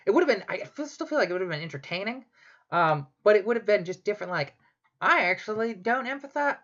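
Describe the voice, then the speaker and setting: Woman ranting sarcastic and sweary, lowish voice that swings all over, muffled lo-fi mic. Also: fairly bright tone. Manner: sarcastic, profane, rambling. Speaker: comedic ranter, show host. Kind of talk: comedic rant monologue. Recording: dull lo-fi home recording.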